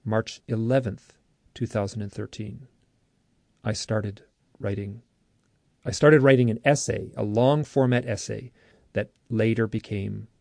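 A man, an author and interview guest, telling a story in an earnest, lively way, often restarting his sentences. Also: fairly low pitch, a little slow, creaky, long pauses, no echo, clean studio sound. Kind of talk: animated storytelling.

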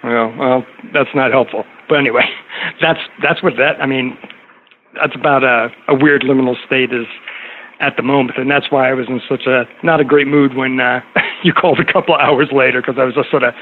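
A man's voice: medium pitch, fairly even intonation, brisk. A middle-aged man telling a story in casual conversation, rambling with many fillers and restarts. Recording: tinny phone-like line with faint noise.

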